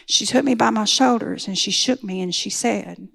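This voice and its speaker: A woman's voice: medium pitch, normal speed, gravelly, hardly any pauses, fairly bright tone. Woman giving a testimony. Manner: earnest storytelling, rising to pleading intensity. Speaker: speaker sharing a recovery testimony. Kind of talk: personal testimony talk.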